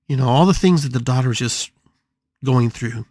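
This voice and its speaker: A man's voice: medium pitch, normal speed, darkish tone, slightly rough, no echo, clean studio sound. A man hosting a spiritual podcast, telling a story dramatically with emphatic repetitions. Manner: dramatic, emphatic, repeats phrases for effect. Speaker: podcast host.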